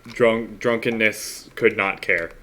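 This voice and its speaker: A man's voice: on the low side, fairly even intonation, slow, bright, forceful tone. A man playing a tabletop game, dry and matter-of-fact. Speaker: player.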